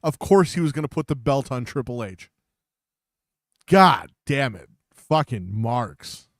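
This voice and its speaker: A man's voice: mid-range voice, animated, a little slow, no room sound, clean studio sound. A man co-hosting a casual podcast with profane, mocking banter. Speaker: podcast co-host. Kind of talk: casual chat.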